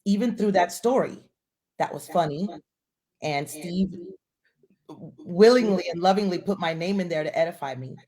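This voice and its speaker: A woman's voice: fairly low pitch, normal speed, pauses often, warm tone. A woman hosting a live stream conversation, speaking with enthusiasm and addressing viewers directly.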